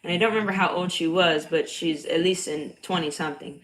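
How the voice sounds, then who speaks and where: A young woman with a slight Bronx accent who is a cycle coach, chatting casually on a livestream. Her voice is loud and a bit nasal, and she talks bluntly, swears freely and laughs often. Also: on the low side, a little fast, low-quality recording. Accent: slight Bronx New York.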